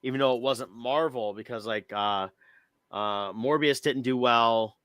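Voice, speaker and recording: A man's voice: mid-range voice, unhurried, a bit bright, clean tone, no room sound. A man co-hosting a podcast, chatting casually and rambling with restarts. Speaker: podcast co-host. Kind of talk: casual chat.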